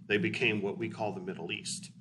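A man's voice: on the low side, fairly even intonation, fairly quick. A male history teacher giving a casual, blunt, conversational lecture in a classroom. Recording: distant mic with faint hiss.

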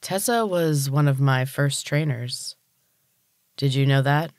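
A cruel man who runs a gym speaks in slow, deliberate, menacing tones, voiced by a storybook narrator. The pitch sits in the middle range. The recording is close and dry, with no room sound. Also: no echo, close to an everyday voice. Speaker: villain. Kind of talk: audiobook character reading.

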